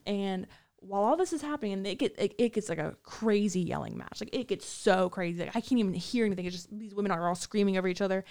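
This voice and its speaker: A woman's voice: medium pitch, lively intonation, fast, darkish tone. A woman rambling through stories of her time in prison, in a casual interview. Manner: rambling, many fillers and restarts. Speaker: guest recounting prison time. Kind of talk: casual storytelling.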